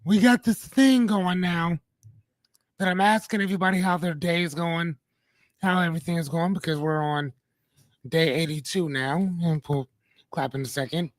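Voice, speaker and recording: A man's voice: a little high, steady tone, normal speed, no room sound. Playful rambling male livestream host. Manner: playful, rambling, addresses viewers by name. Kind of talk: casual livestream chat with viewers.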